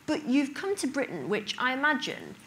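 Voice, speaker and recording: A woman in her thirties interviews a guest on stage, her questions long and winding. Her voice is bright and lively, rising and falling a lot, and a faint room hum runs behind her. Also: high-pitched, normal speed. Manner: probing, rambling questions with many hedges. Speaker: magazine editor, interviewer. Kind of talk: onstage interview. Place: conference stage before an audience.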